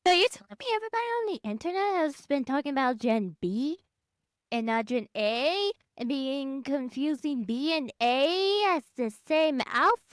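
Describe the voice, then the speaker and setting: A woman's voice: high-pitched, animated, normal speed, no echo, clean studio sound. A young woman co-hosting a podcast in casual chat, blunt and rambling, swearing freely. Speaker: podcast co-host.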